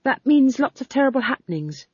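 A woman voicing an earnest, high young witch. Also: very animated, a little fast, a little mellow, slightly rough, no echo, lo-fi sound, full character voice. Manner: high and eager.

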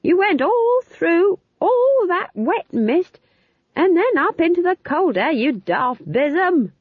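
A woman voicing an old witch on a broomstick, shouting in a high, drawn-out voice. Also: very animated, no echo, exaggerated voice. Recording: tinny phone-like sound.

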